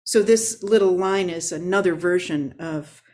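A woman's voice: lowish voice, a little mellow, slight background noise. Reflective woman giving a dharma talk. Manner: unhurried and reflective, with frequent filler pauses. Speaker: Zen teacher.

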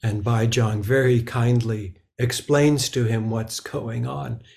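A man giving a Zen dharma talk, slow and halting, with many filler sounds between phrases. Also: mid-range voice, fairly even intonation, gravelly, a little mellow. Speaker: Zen teacher.

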